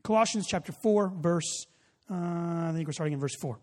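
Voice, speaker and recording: A man preaching a sermon, telling a story in a loose, casual way with many fillers, then building to loud emphasis. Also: fairly high pitch, normal speed. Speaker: pastor. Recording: long hall reverb.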